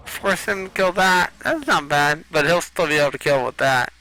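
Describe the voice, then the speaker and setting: A man's voice: fairly high pitch, expressive, normal speed, few pauses, pushed and bright, poor audio. A young man streaming a card game, rambling and swearing as he reacts to the plays. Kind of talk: casual gaming commentary.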